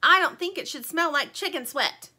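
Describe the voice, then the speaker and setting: Woman reader as a prim little chick, fussy and high-pitched, storybook voice. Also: expressive, moderate pace, sharp tone, exaggerated voice. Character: fussy, careful female chick knitter.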